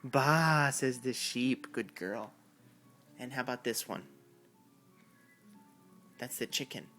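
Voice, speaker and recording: A father using baby talk with his toddler, praising her warmly and imitating animal sounds in a sing-song way. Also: mid-range voice, steady tone, takes it slowly, faint music behind.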